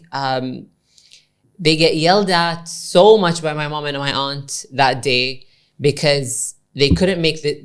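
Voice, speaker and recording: A woman co-hosting a podcast, telling a long story in animated casual chat and switching between English and Arabic. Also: low-pitched. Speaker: podcast co-host.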